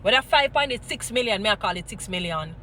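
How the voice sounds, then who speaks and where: A Jamaican woman vlogging, scolding and preaching in an animated mix of patois and English, weaving in Bible stories. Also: mid-range voice, fast talker, a little hiss or hum. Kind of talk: impassioned commentary with Bible stories.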